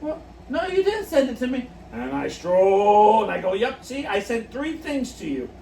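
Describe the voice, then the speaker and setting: A male podcast co-host talks at normal speed in a high, sing-song voice that's gravelly yet warm. Swapping stories casually, he keeps breaking into giggles mid-story. Audio comes from a distant mic in an echoey room, with faint background noise.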